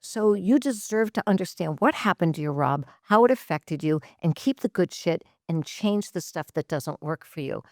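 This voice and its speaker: A woman therapist from Massachusetts, a guest on a podcast, who talks in an animated, laughing way and tells stories with enthusiasm. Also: fairly low pitch, moderate pace, few pauses, no room sound, studio quality. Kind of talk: casual podcast interview.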